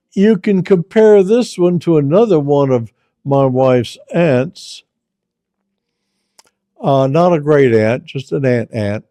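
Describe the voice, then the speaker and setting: A man hosting a channel, telling stories in a slow, deliberate way and repeating phrases for emphasis. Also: a little high, dark tone, dry recording. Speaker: storyteller host. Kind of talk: casual spoken storytelling.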